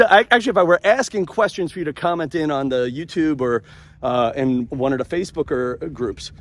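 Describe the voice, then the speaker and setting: A man in his forties hosting a podcast, talking in a joking, rambling way while walking outdoors at a beach and recording on a handheld phone. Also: on the high side. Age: 40s. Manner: animated, joking, rambling asides. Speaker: podcast host. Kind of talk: walking vlog monologue.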